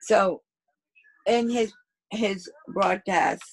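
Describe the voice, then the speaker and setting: A hoarse woman co-hosting a casual chat podcast, her voice low-set and gravelly with a husky edge. She talks slowly in halting bits, close and dry on the mic. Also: animated, darkish tone, no room sound, rough recording. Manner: slow, halting delivery with many pauses. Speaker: podcast co-host.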